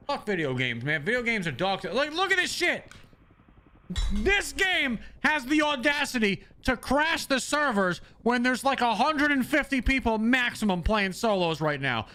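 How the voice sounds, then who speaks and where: A young man streaming a game, ranting in a fast, profane, stammering way. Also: extremely high pitch, very animated, pushed and bright. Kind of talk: profane live-stream rant.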